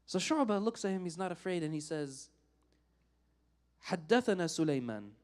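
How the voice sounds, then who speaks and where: A man giving a Friday sermon, telling a story in an animated way and acting out the characters. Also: high voice, moderate pace.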